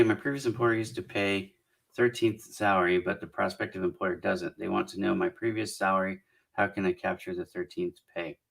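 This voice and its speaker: A man's voice: fairly low pitch, creaky, fairly bright tone. A middle-aged man from Southern California, hosting a casual live-stream Q&A as a career coach, chatty and encouraging while he reads out viewer comments.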